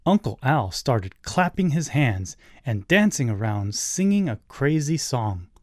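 A man reading a children's story aloud, in a measured, expressive way. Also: mid-range voice, no room sound, studio quality. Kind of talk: scripted narration of a children's story.

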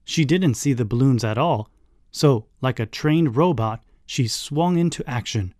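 A man reading a children's story aloud, in a measured, expressive way. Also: mid-range voice, no room sound, studio quality. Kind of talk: scripted narration of a children's story.

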